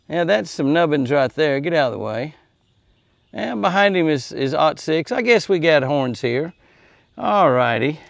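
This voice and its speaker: A man's voice: a little high, animated, unhurried, gravelly, dry recording. Folksy man coaxing deer. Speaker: deer ranch vlogger. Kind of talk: casual talk to animals and viewers. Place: outdoors at a deer pen.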